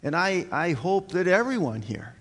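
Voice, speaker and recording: A man preaching a communion sermon as pastor, slow and earnest, building to emphatic high points. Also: very animated, fairly bright tone, big-room sound. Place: church sanctuary.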